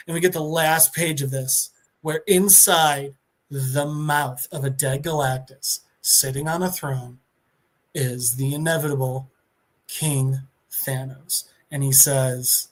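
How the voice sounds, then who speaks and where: Excitable man retelling a comic. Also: mid-range voice, a little slow. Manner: excitable storyteller, restarts mid-sentence. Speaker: podcast co-host. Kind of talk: animated comic-book retelling.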